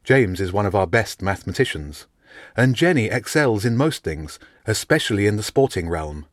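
A man reading an audiobook, voicing a jovial middle-aged woman housemaster who talks briskly and formally. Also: fairly low pitch, lively intonation, no echo, clean studio sound.

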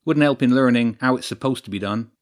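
A man voicing a young, wiry male lighting technician who talks fast and shows off his gear. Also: mid-range voice, close to an everyday voice. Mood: eager.

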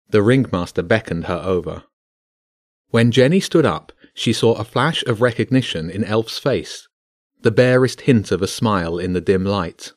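A man narrating a children's bedtime story in a steady, measured reading voice. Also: lowish voice, dry recording, clean studio sound.

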